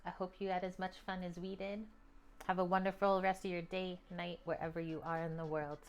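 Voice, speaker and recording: A woman's voice: fairly low pitch, little pitch movement, fairly quick, faint music behind. A woman from Canada hosting a cooking livestream from her home kitchen, talking in a loose, chatty way with lots of filler words. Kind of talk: casual stream chat.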